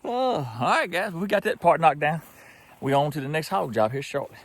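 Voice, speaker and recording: A man's voice: a little high, big pitch swings, normal speed, no echo. A man with a Southern US accent, chatting folksily outdoors in a field while narrating his hog trapping vlog. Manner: folksy, chatty, laughs often.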